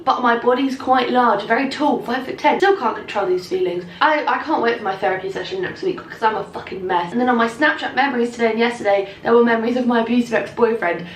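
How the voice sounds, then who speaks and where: A woman's voice: fairly high pitch, distant mic. A young English woman with an English accent, vlogging at home in a casual, rambling, sweary and self-mocking way. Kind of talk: casual chatty vlog. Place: at home, indoor room. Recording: echoey room with faint background noise.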